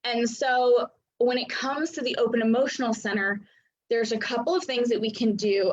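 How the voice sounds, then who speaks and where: Speaking at a normal speed with fairly even intonation, a woman in her thirties delivers casual teaching talk as a human design coach on a video call from her home office. Her voice is a little high, and the lo-fi sound carries a slight hiss or hum. She chats freely, uses many fillers, and laughs a lot.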